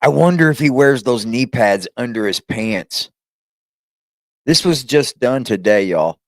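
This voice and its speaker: A man hosting a reaction channel, talking casually and crudely with teasing asides and loud whoops. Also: medium pitch, expressive, a little slow, no room sound.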